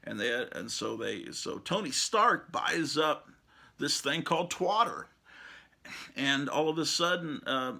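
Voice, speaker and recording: Gravelly, husky man rambling loosely. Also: medium pitch, bright, forceful tone. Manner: meandering, many fillers and restarts, chuckling asides. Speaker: show host. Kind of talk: rambling casual monologue.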